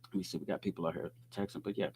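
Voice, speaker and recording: A middle-aged man hosting a show, telling a street story in a casual, slangy rant that swings from low muttering to loud laughing outbursts. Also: steady tone, very fast, husky. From Quad Cities, US Midwest.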